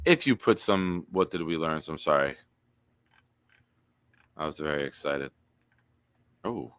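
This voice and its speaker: A man's voice: deep voice, steady tone, a little slow, long pauses, fairly bright tone, no echo. A man hosting a casual sports live stream, talking up his picks and reading chat comments aloud.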